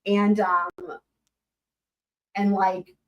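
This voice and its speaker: A woman's voice: mid-range voice, level tone, very slow, highs cut off. A woman hosting a casual livestream, chatting to her viewers as she tells a story, swearing freely and reading out chat comments. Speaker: livestream host.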